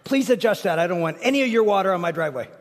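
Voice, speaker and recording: A man's voice: sits high, expressive, racing. A man voicing a cranky elderly woman neighbor who complains fussily about small things. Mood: complaining. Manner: fussy, complaining. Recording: reverberant church hall.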